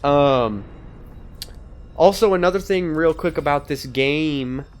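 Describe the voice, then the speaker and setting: A man's voice: on the high side, takes it slowly, clean tone. A young man co-hosting a let's play, rambling in casual gaming banter, swearing and laughing often.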